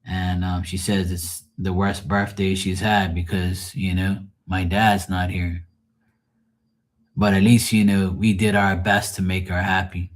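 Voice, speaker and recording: A man's voice: low-pitched, little pitch movement, unhurried. A middle-aged man talking casually and frankly to his live viewers, grieving, rambling and swearing freely. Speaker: livestream host.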